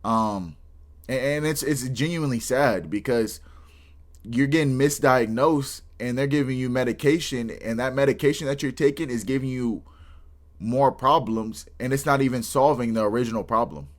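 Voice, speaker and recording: A man's voice: mid-range voice, normal speed. Casual slang-talking man reacting. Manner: casual, slang-heavy, rambling with restarts. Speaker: reaction video host.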